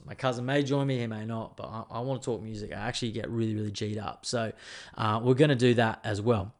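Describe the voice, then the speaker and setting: A man hosting a podcast on his own, chatting casually in a rambling, sweary, laid-back way. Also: mid-range voice. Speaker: podcast host. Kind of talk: casual solo podcast chat.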